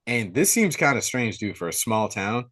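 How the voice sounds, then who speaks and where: A young man hosting a podcast, retelling a movie plot in casual, excitable, slangy chat. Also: medium pitch, normal speed. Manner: excitable storyteller, slangy, says dude a lot. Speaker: podcast host.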